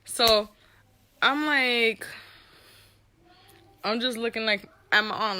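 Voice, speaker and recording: A young woman telling a candid personal story with an animated, profane delivery, acting out the people she quotes. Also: on the high side, takes it slowly, pauses often. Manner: animated, profane, reenacts dialogue.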